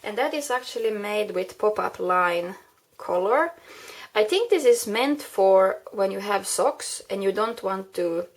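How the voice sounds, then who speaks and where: A woman's voice: mid-range voice, expressive, slow. A woman casually demonstrating how she made a handmade card, often restarting sentences and searching for words. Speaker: craft tutorial host.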